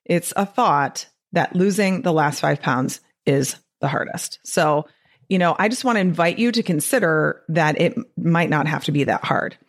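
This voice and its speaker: A woman's voice: deep voice, normal speed. A woman from the Midwest with a Wisconsin accent, hosting a podcast in a chatty, upbeat way and laughing often. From American Midwest. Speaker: podcast host. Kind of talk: casual solo podcast talk.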